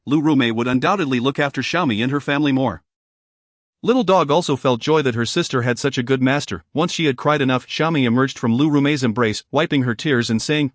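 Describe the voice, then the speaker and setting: A man narrating a story in a measured, even reading voice. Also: mid-range voice, no room sound, studio quality.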